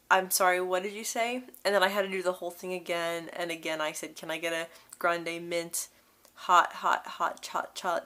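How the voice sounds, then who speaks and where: A woman's voice: lowish voice, bright, forceful tone. A young woman vlogger telling a story casually to camera, speaking with a marked stutter of repeated syllables and blocks, candid and breaking into small laughs between phrases.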